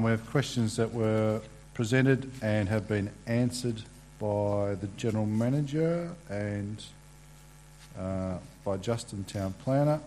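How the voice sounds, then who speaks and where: A man chairing a council meeting, reading procedural items in a halting way with many fillers. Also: lowish voice, darkish tone, a little hiss or hum.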